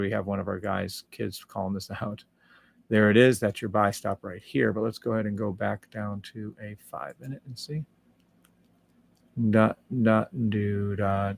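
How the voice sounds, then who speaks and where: A man's voice: fairly low pitch, gravelly, dry recording. A man hosting a live trading stream, walking viewers through charts in a casual, upbeat and salesy way, humming little tunes as he scrolls and reading out viewer comments. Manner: hums and scats while scrolling charts.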